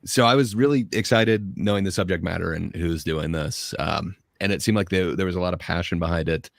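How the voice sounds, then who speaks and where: A lower-voiced man chatting casually as a co-host, pausing and hunting for his words. His voice is recorded dry and close, with no room around it. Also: vocal fry, no echo. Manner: hesitant, searching for words. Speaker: podcast co-host. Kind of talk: casual chat.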